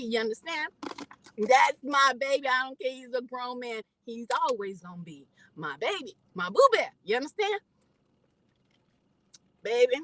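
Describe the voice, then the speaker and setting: A middle-aged woman vlogging a heated monologue straight to her viewers, preachy and fierce, swinging between shouted outbursts and quieter asides. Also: on the high side, no echo, low-quality recording. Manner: fiery, preachy, talks straight to the audience.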